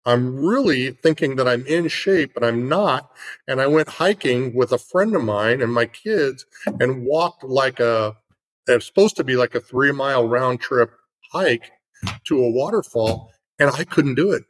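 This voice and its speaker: A man's voice: medium pitch, lively intonation, unhurried, poor audio. A middle-aged man in casual conversation, telling an earnest story with lots of fillers.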